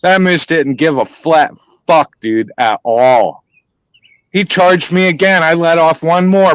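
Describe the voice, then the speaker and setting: A man's voice: on the high side, measured pace, clean tone, no room sound. Guy cussing thru a wild story, dry room, kinda muffled audio. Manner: profane, animated, acts out voices. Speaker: storyteller in group chat. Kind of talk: casual storytelling chat.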